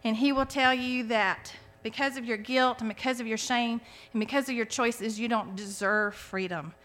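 This is a woman in her forties offering a sincere personal testimony of faith, frequently backing up to begin again. Her fairly high voice stays steady and fairly bright, at a moderate pace.

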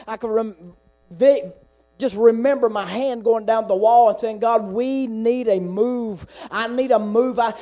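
A man with a notably high voice preaching a sermon. He tells a personal story in a quiet, halting way, restarting words and repeating phrases. He then builds into loud, fervent preaching. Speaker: pastor.

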